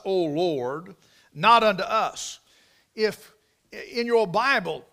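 An American man preaching a King James sermon, emphatic and folksy, repeating phrases and swinging between loud proclaiming and quiet asides. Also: high voice. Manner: folksy, with stumbles and restarts.

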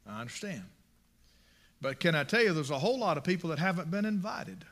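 A man's voice: high-pitched, sing-song, a little fast, creaky, fairly bright tone. A man preaching a sermon, impassioned and emphatic, repeating his phrases for emphasis.

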